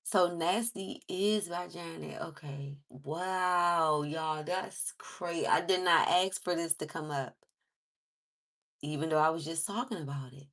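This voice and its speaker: A woman vlogger in casual chat, animated and exclaiming, laughing often as she talks. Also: deep voice, slow. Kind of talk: casual chat with read-aloud lyrics.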